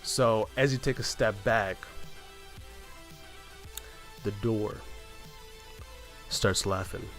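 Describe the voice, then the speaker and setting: Rambling low-voiced man telling a story. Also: extremely slow, long pauses, fairly bright tone, soft background music. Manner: rambling, keeps asking "right?" and saying "man". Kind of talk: casual storytelling of a game run.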